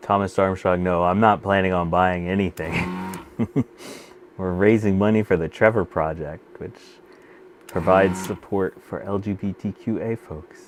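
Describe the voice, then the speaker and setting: Low-voiced man chatting while soldering. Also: measured pace, a little hiss or hum. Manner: relaxed, talks to chat while working, often half under his breath. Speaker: streamer repairing vintage computers. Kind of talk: casual live-stream chat while soldering.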